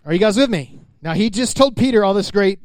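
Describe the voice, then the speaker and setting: A preacher with a high-pitched man's voice, talking his sermon through in a loose, conversational way. He keeps calling out to the people in front of him to pull them along. The sound is close and dry. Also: expressive, brisk, darkish tone, no echo. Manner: conversational, calls out to the congregation. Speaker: pastor.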